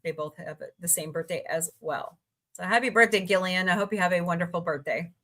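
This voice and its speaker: A woman on the low side of pitch, talking a little fast with a sharp tone, hosts a casual livestream from the United States. She chats, laughs a lot, reacts aloud as she scrolls, reads out headlines and greets viewers.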